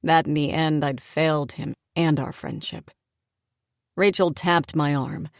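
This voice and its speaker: Gravelly-voiced woman audiobook narrator. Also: low voice, fairly even intonation, measured pace, no echo, studio quality. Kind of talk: first-person audiobook narration.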